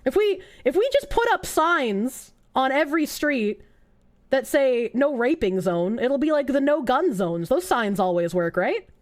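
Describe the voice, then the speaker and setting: High, lively woman streamer. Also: unhurried. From United States. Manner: sarcastic, incredulous and profane, with frequent laughs. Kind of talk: casual livestream reaction.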